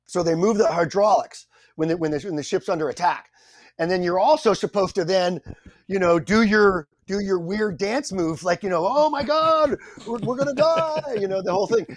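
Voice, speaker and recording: High-voiced middle-aged actor telling stories. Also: male voice, a little fast, no echo. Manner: animated, self-deprecating, acts out quotes. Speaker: guest actor. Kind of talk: anecdotal storytelling.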